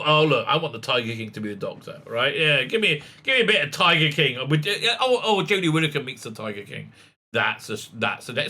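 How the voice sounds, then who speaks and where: A man with a high, sharp, bright voice giving sarcastic video commentary. He rants with plenty of fillers and breaks into sudden loud outbursts. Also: very animated, a little fast. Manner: sarcastic, ranting, with frequent fillers. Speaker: online commentator.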